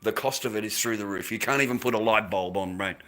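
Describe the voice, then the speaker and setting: A man's voice: fairly low pitch, fast talker, sharp tone. A man with an Australian accent talking casually to his viewers, blunt and sweary, circling back and repeating his points as he rants. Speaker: livestream host.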